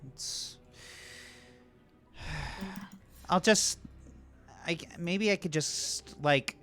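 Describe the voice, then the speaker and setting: A game master voicing a timid, anxious young boy who talks in halting, hesitant bursts. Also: mid-range voice, fairly bright tone, pitched above the performer's own voice. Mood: unsure.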